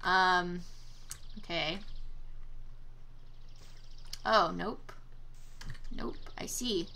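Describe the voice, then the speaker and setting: A woman's voice: fairly low pitch, drawn-out words, creaky, bright, forceful tone, slight background noise. A young woman giving casual let's-play commentary, exclaiming at failures and trading sarcastic asides with the game. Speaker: gameplay commentator.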